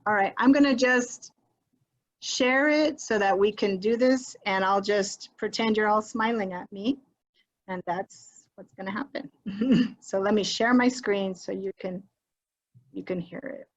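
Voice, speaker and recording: A woman who is a teacher and a mother leads an online training for educators, speaking at a measured pace in a mid-range voice. She's chatty and encouraging, slips in Spanish phrases, and is recorded on a computer mic during a video call.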